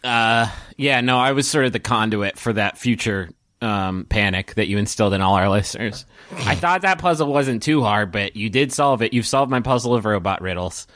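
Halting, animated game-master narrator. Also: male voice, on the low side, dry recording, studio quality. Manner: halting, many ums and uhs.

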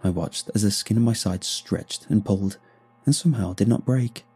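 A man giving tense, scripted first-person horror narration with hushed drops in his voice. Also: lowish voice, normal speed, breathy edge, soft background music.

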